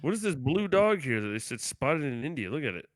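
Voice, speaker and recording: A man's voice: a little high, big pitch swings, a little fast, no room sound. Laughing, crude young man in casual chat. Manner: crude, laughing storyteller, slangy. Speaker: podcast co-host.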